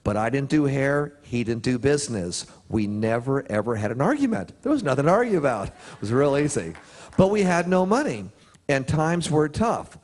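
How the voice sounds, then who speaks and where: A man speaking at a motivational seminar, telling a story with lively swings in pitch and pauses for emphasis. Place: prison chapel or hall.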